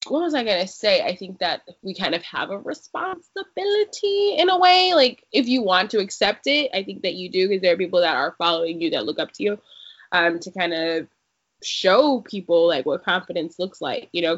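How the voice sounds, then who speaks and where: A young woman with a mid-range, slightly bright voice co-hosts a podcast in casual chat, saying "like" constantly. The recording has a dull, lo-fi sound.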